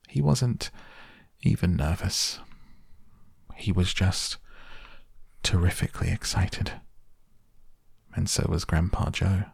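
Slow, gravelly male storyteller. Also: low-pitched, dry recording, clean studio sound. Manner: measured, expressive reading. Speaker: audiobook narrator. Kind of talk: storybook narration.

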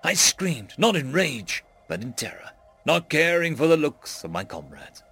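A man's voice: very animated, unhurried, creaky, breathy edge, faint music behind. A man narrating a dramatic first-person story, raising his voice sharply for panicked lines. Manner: voices characters' panicked shouts with big pitch jumps.

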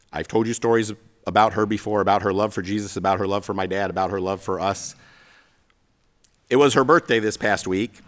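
A middle-aged pastor preaching a sermon, telling stories with self-deprecating humor. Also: male voice, on the low side, a bit bright.

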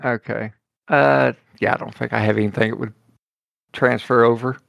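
A man, playing a tabletop game and chatting in a relaxed, joking way. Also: mid-range voice, moderate pace, creaky, dry recording, clean studio sound. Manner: relaxed, joking, laughs easily. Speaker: player. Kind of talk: casual chat at a game table.

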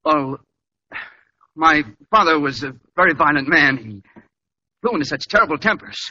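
Brief: a husky, whiny young heir, higher pitch, bright, dull old radio recording. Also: male voice, expressive, normal speed, heavily acted. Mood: defensive. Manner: pleading, defensive. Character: weak young male heir, whiny gambler son. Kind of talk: 1940s radio acting.

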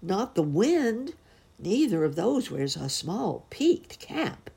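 A woman's voice: mid-range voice, sing-song, slow, creaky, warm tone, breathy edge, pitched above the performer's own voice, full character voice. A woman voicing a polite, cautious young boy in a storybook reading. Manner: polite and careful.

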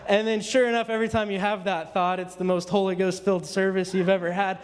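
Man, high voice, earnest rambling church talk, frequent restarts, long hall reverb. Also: flat delivery, fast talker. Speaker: church speaker. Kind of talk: informal sermon testimony.

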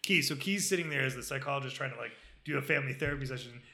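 A man's voice: mid-range voice, very fast, vocal fry, crowd noise. A man chatting casually on a podcast, telling a rambling story full of fillers, restarts and swearing. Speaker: podcast co-host. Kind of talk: casual chat.

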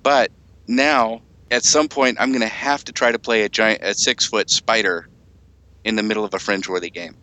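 A man's voice: fairly low pitch, fairly even intonation, moderate pace, sharp tone. A man co-hosting a casual chat about a tabletop roleplaying game, joking and breaking into silly voices.

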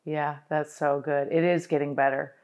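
A woman's voice: sits low, little pitch movement, normal speed, a little mellow. A woman hosting a podcast interview, asking questions and affirming her guest. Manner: supportive, affirming. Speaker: podcast host. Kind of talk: casual interview.

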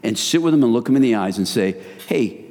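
A man's voice: medium pitch, animated, rapid-fire, warm tone. A man preaching a sermon to a men's group, emphatic and exhorting, who keeps calling his listeners guys. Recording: long hall reverb.

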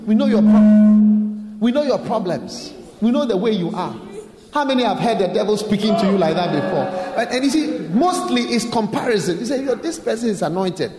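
Animated man preaching in an echoey hall. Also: high voice, normal speed, a crowd in the background. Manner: emphatic, repetitive, rhetorical questions to the congregation. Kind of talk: sermon. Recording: echoey hall with faint ambience.

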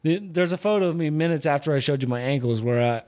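A man's voice: a little high, fast talker, a little mellow. A young man hosting a podcast, chatting casually and rambling with lots of restarts. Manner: rambling, many restarts and fillers. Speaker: podcast host. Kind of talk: casual chat.

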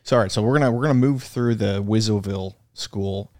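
A man's voice: on the low side, a little fast, dark tone, no room sound, studio quality. A man hosting an interview, asking questions in a casual way and summing up his guest's answers. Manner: friendly, prompting, recaps answers. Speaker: podcast host, interviewer.

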